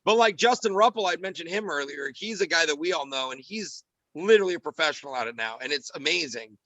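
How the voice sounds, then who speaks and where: Animated man with a bright, dry voice. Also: on the high side, no room sound, low-quality recording. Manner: animated, quick, drops into character voices. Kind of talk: casual podcast chat.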